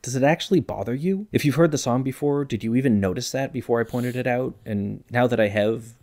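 A man narrating a scripted explainer about songwriting in a clear, measured way with light emphasis. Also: mid-range voice, mellow. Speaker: music video essayist.

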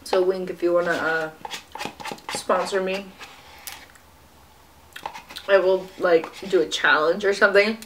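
A woman's voice: on the low side, steady tone, unhurried, pauses often, a bit bright, a little hiss or hum. A young woman chatting casually while she eats, with frequent fillers and little "mm" sounds. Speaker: fitness vlogger. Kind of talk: casual mukbang chat to camera.

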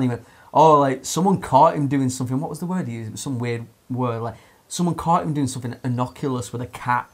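A man's voice: medium pitch, fairly even intonation, brisk. A young man telling a long story in casual podcast chat, swearing often, laughing and using lots of fillers.

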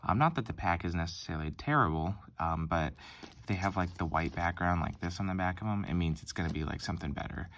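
A young man with a low, deep voice talks casually as he opens card packs at a table. He rambles a little, filling pauses with ums and correcting himself as he goes. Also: a bit bright, a little hiss or hum. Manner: chatty, rambling, lots of ums and self-corrections. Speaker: card-opening channel host. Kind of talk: casual pack-opening commentary.

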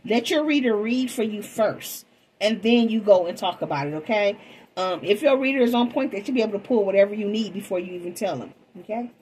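A chatty woman hosts a casual tarot reading vlog, talking straight to her viewers in a friendly, loose way. Her voice sits at an ordinary middle pitch, with a faint hiss of noise behind it. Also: brisk, darkish tone, low-quality recording. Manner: chatty, calls viewers "babies" and "y'all". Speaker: tarot reader.

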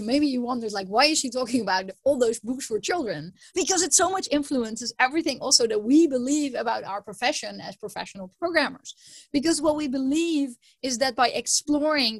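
A woman professor gives a conference talk with a fairly high voice. She tells stories in a lively way and doubles words for emphasis. The sound is dry and close, with no room echo. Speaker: computer science professor giving a conference talk.

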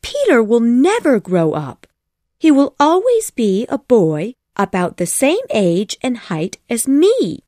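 A woman's voice: a little high, huge pitch swings, takes it slowly, mellow, dry recording, clean studio sound, pitched above the performer's own voice, heavily acted. A woman doing an eager, insistent little girl. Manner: insistent, exclaiming. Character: eager excited little girl, a true believer.

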